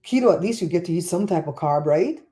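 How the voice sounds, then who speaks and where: A middle-aged woman hosting a casual livestream from home, chatting and telling stories in an animated way. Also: fairly low pitch, fast. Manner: chatty, animated storyteller reading chat. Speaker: livestream host.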